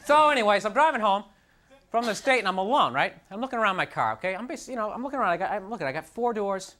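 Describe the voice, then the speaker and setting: A man performing a stand-up comedy routine on a club stage, ranting in an animated, self-deprecating way into a handheld mic. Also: sits high, fast. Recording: live club recording with audience noise.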